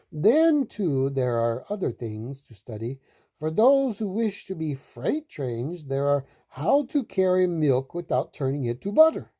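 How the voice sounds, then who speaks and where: Lady reading kids books, low and mellow, super animated but slow. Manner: slow, expressive sing-song reading. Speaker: storytime reader. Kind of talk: reading children's picture books aloud.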